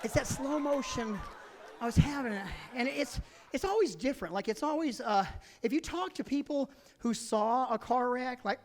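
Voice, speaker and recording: A man doing stand-up comedy on stage, telling a story in an excitable, animated way. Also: very high-pitched, moderate pace, long reverb tail. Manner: excitable, animated, with bursts of laughter.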